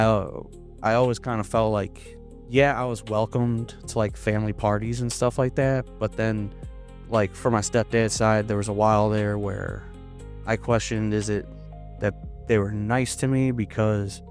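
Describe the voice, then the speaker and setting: Young man, comedian guest, hesitant, many restarts, low pitch, faint music underneath. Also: fairly even intonation, measured pace. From Florida. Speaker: podcast guest, stand-up comedian. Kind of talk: casual interview.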